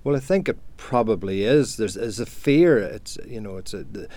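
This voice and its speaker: A man's voice: lowish voice, expressive, normal speed, dark tone. A man from Northern Ireland speaking thoughtfully in a casual discussion, with hesitations. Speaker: panel guest.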